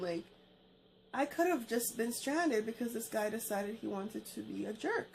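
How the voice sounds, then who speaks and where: A young adult woman telling a storytime vlog in an animated, casual way, acting out the dialogue. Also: fairly high pitch, normal speed, vocal fry, a little hiss or hum. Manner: conversational, informal storyteller. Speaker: vlogger.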